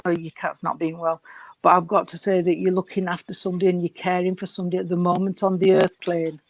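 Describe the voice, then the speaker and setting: Woman, medium, lowish dry voice, affectionate, near tears. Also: flat delivery, fast, no room sound, low-quality recording. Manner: emotional, tearful, affectionate, calls people darling. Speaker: spiritualist medium. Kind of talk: mediumship reading in a church service.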